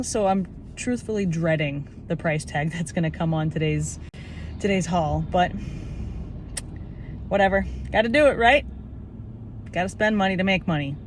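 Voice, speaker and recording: A woman's voice: fairly low pitch, lively intonation, normal speed, pauses often, slight background noise. Chatty young woman vlogging from her shop. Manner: chatty, upbeat, laughs at herself. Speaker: woodworker and small business owner. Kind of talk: casual vlog talk to camera. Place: small woodworking shop.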